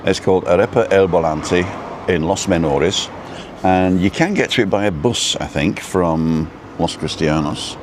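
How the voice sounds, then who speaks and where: Outdoors at a food stop, a man with a low, unhurried voice chats on a casual live stream. He drifts from topic to topic and reads viewer names aloud as faint traffic and construction carry in the background.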